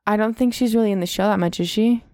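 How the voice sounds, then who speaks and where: Chatty young woman, smooth voice. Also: mid-range voice, fast talker, darkish tone, no echo, studio quality. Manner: chatty, storytelling, swears casually. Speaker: podcast co-host. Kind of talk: casual chat.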